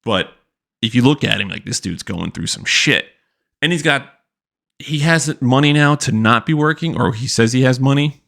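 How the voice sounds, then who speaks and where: Brief: young male podcast host, gravelly, profane and blunt, casual rant delivery. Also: mid-range voice, lively intonation, moderate pace, a bit bright. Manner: blunt, profane, mocking impressions. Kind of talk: profane ranting commentary.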